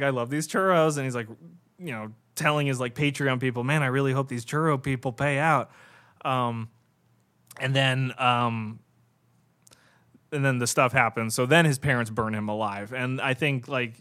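A man on a comedy podcast, riffing deadpan with many fillers and restarts. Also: mid-range voice. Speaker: podcast co-host.

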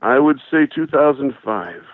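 A man's voice: medium pitch, lively intonation, a little slow, no room sound. A man calling in to a talk show, telling rambling, profane stories in casual chat. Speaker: phone-in caller. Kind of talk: casual storytelling. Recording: tinny phone line.

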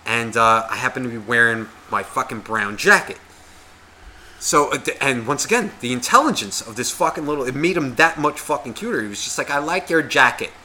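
Profane, bright-voiced man telling a story. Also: mid-range voice, brisk, slight background noise. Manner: profane, animated, acts out quoted voices. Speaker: podcast co-host. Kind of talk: casual storytelling chat.

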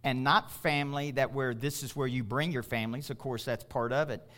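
A man's voice: mid-range voice, steady tone, brisk, fairly bright tone. A middle-aged male pastor preaching a sermon, emphatic and calling out to his congregation.

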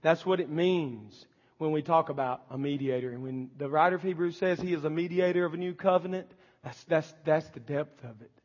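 Male pastor, fervent pulpit delivery, pitched high, dull sermon tape in a reverberant church. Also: steady tone, a little fast, darkish tone. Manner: impassioned preaching, acting out pleading prayers. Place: church sanctuary.

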